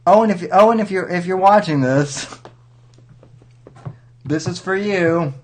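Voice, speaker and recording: A man hosting a livestream, giving rambling, wry commentary and halting with many restarts. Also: high voice, a little mellow, a little hiss or hum. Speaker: livestream host.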